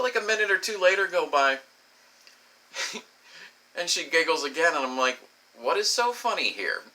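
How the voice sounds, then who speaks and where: A man's voice: fairly high pitch, pushed and bright, low-quality recording. A man telling a crude personal story as a rambling, profane vlog monologue, laughing often and saying "you know" a lot. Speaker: vlogger.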